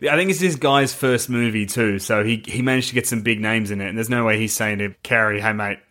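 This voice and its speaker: Animated man, podcast co-host. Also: fairly low pitch, brisk. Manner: animated, emphatic, swears freely. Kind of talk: casual film chat.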